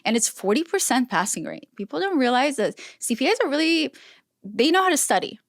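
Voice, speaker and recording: A woman's voice: sits high, brisk, no echo, studio quality. A woman on a podcast as a guest, telling a story in casual talk, acting out quoted voices and often restarting her sentences. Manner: animated, acts out quoted voices, frequent restarts.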